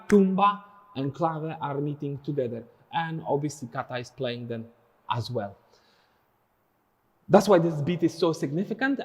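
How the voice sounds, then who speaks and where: A man's voice: fairly high pitch, breathy edge. Man teaching dance, vocalizing rhythms. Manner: counts and sings drum rhythms aloud. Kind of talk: follow-along dance lesson.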